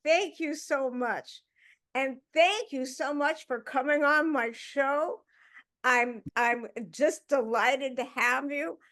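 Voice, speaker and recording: A woman hosting a talk show, enthusiastic and quick to laugh with her guest. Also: high-pitched, a bit bright. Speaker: host. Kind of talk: casual chat.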